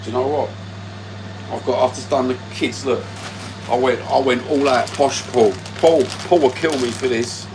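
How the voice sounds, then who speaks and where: A man's voice: mid-range voice, steady tone, moderate pace. Man, crude sweary banter, casual livestream, phone mic, noisy air-conditioned room. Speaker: livestream host. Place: at home.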